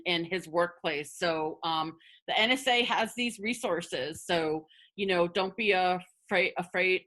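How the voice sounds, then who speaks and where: A woman hosting a support meeting, who stutters on some words as she calls on speakers. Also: lowish voice. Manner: stutters on words, slow and gentle. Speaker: meeting host.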